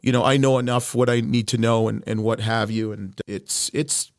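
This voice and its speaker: A man's voice: medium pitch, steady tone, moderate pace, dry recording, clean studio sound. Chatty middle-aged man with a Canadian accent. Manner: chatty storyteller, frequent restarts and asides. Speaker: guest, wine distributor. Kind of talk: casual interview chat.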